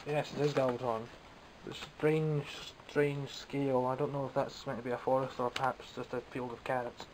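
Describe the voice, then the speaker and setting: Over a noisy background, a Scottish man speaks at a moderate pace with a flat delivery and medium pitch. He's a toy collector doing a laid-back show-and-tell vlog, teasing himself about the toys he bought.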